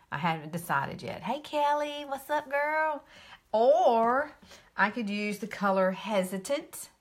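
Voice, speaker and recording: A woman, hosting a casual live makeup tutorial, chatting and greeting viewers by name in a high sing-song. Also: fairly bright tone. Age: 50s.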